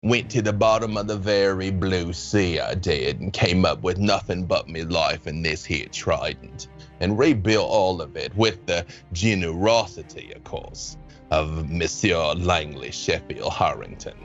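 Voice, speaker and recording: Dude playing a low slow gruff pirate, rough pirate talk, bit muffled. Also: male voice, soft background music. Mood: menacing. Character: gruff male pirate enforcer with a trident.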